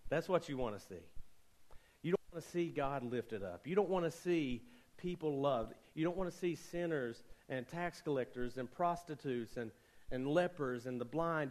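A man's voice: medium pitch, moderate pace, darkish tone, poor audio. A young man preaching a sermon as pastor, conversational with joking asides and rising emphasis.

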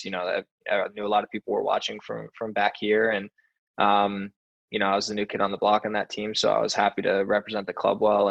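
A young man speaks low and fairly flat, relaxed, as a guest recounting his career. He loops back with fillers and restarts, casual and unhurried. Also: creaky, highs cut off. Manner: relaxed storytelling with many fillers. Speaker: soccer player, guest. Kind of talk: casual interview chat.

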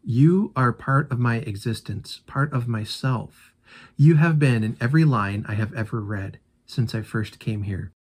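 A man's voice: medium pitch, a little slow, husky. An earnest young man pours out his heartbreak in a pleading voice, as a man reads his lines aloud. He sounds sincere and openly wounded.

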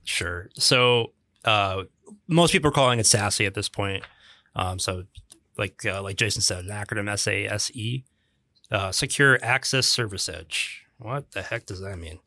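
A man's voice: fairly low pitch, unhurried, sharp tone, dry recording. A man co-hosting a podcast, explaining technical topics in a casual, chatty way, with dry jokes and many restarts. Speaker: podcast co-host.

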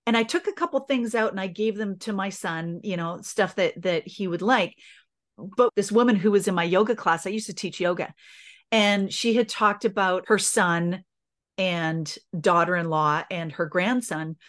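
A woman's voice: mid-range voice, moderate pace, fairly bright tone. A middle-aged woman speaking as a podcast guest. She tells a personal story earnestly and with feeling, stopping and restarting as she goes.

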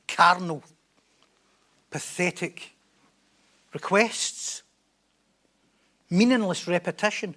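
A man's voice: high voice, a little slow, pauses often, a bit bright. A man preaching a sermon in an emphatic style, repeating key phrases for weight.

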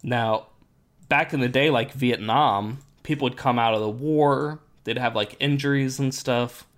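Man explaining, voice going hoarse. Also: medium pitch, a little slow. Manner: relaxed, explanatory, many fillers. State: losing his voice. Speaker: podcast host. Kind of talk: casual podcast chat.

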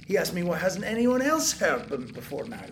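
An actor playing an exhausted, paranoid male tenant in an audio drama, muttering and taunting, then bursting into angry shouts. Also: high-pitched, sing-song, a little fast, gravelly, a little hiss or hum. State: exhausted and sleepless. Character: paranoid sleepless male tenant, bitter and unraveling. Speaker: sleepless tenant hearing noises in the walls.

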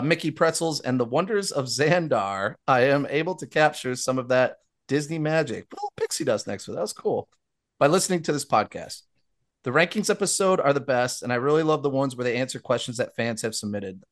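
A young adult man hosting a casual podcast, reading listener reviews aloud and dropping quick asides between lines. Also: medium pitch, fairly bright tone.

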